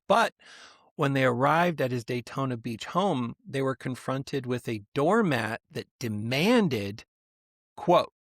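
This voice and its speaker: A middle-aged man co-hosting a casual podcast, a storyteller who drops into quick impressions of the people he talks about. His voice sits at an ordinary middle pitch. It is recorded close and dry, with no room echo. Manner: animated storyteller, jumps into quoted voices. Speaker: podcast co-host. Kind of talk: casual chat.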